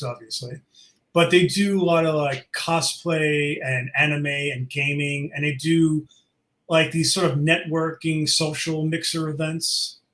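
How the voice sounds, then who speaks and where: A man's voice: on the high side, a bit bright, roomy sound, rough recording. A man casually chatting as an event organizer, enthusiastic and rambling with fillers, his throat a little sore. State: sore throat, sucking a cough drop. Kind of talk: casual interview chat.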